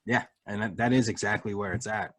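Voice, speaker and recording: Middle-aged man, Boston accent, lowish voice, dry close sound, profane sarcastic ranting. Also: steady tone, brisk, no echo. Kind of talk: casual chat.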